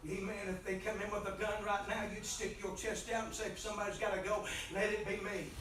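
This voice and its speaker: A man preaching an impassioned revival sermon in a church, swinging between soft pleading and loud shouting. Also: sits high, level tone, brisk. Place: church sanctuary. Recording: very echoey church from far off mic.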